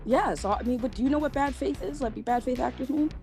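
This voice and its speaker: Fast, insistent woman arguing on a live stream, music underneath. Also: high-pitched, a little mellow. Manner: persistent, rapid questioning. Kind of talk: heated online argument.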